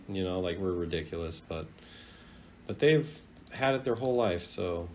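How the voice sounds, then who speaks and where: A man teaching a casual video language lesson, chatty and animated, drawing out sounds as he demonstrates them. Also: low voice, slight background noise. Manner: lively, chatty, drawn-out demonstration of tones.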